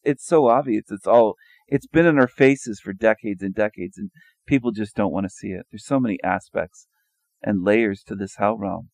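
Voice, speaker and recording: Gravelly low-voiced man, sarcastic questioning. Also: fairly even intonation, normal speed, a little mellow, dry recording. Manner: rhetorical questioning, mocking, repetitive. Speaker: video commentator. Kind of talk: sarcastic monologue over images.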